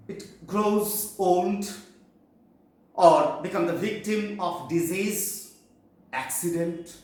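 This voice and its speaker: A man teaching a poetry class in a slow, explanatory lecture with pauses and fillers, from Bengal. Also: a little high, a little mellow, heavy reverb, rough recording.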